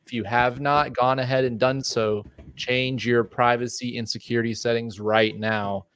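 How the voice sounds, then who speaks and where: Speaking at normal speed in a mid-range voice, this male co-host sounds clear, resonant and fairly bright, with fairly even intonation. His casual podcast talk is full of fillers as he rambles through passionate warnings.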